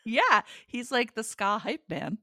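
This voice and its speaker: A woman's voice: fairly high pitch, very animated, measured pace, bright, forceful tone, no room sound, studio quality. A woman co-hosting a casual podcast chat, playful and enthusiastic, laughing often. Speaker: podcast co-host.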